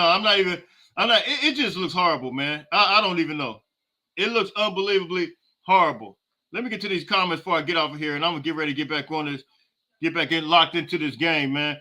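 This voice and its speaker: Fired-up man with a bright, high voice. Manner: exasperated, fired-up ranting with casual slang. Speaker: podcast host. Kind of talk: live halftime reaction with viewer comments.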